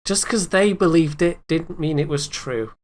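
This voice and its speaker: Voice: mid-range voice, normal speed. Sardonic tabletop player teasing in character. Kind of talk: in-character tabletop role-play.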